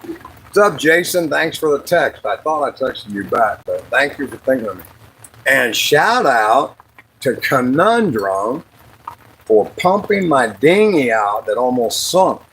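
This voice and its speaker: A man hosting a casual livestream while fishing, rambling and joking, now and then jumping into high sing-song bits. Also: very animated, a little slow, a bit bright, breathy edge, rough recording. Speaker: livestream host. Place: outdoors by the water, fishing.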